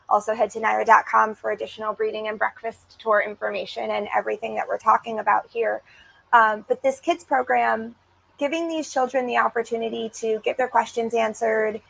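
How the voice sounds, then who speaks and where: Gushing woman in her thirties, gravelly edge. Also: on the high side, fairly bright tone, poor audio. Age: 30s. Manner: gushing, heartfelt, with many restarts. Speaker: racing program guest. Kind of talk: enthusiastic interview talk. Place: racetrack broadcast set.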